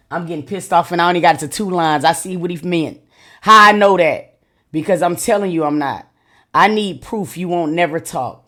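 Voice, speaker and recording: A woman co-hosting a reaction channel, chatting casually with profane, exasperated outbursts. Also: on the low side.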